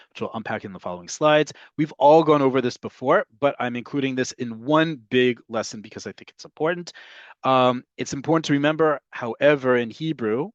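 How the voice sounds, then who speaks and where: A man gives a slide-based language lesson, checking in over and over with "right?" and "okay?". He stresses key words by jumping in pitch and volume. The recording is dull and lo-fi, with a dry, close sound. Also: no echo. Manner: stresses words with sudden jumps in pitch and loudness. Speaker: Hebrew teacher. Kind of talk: slide lecture.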